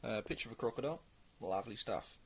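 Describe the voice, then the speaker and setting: A man's voice: lowish voice, lively intonation, quick pace, gravelly, fairly bright tone, husky. A man talking casually through a beer review, rambling a little and full of ums. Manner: chatty and rambling, with many ums.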